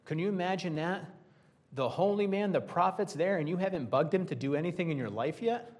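A male preacher with a slightly higher voice gives a conversational sermon. He keeps it lively with joking asides to the people listening. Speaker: preacher teaching a Bible study.

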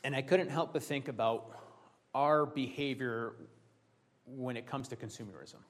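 A man's voice: medium pitch, moderate pace. A middle-aged man preaching a conversational sermon, mixing personal stories with scripture quotes. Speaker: pastor.

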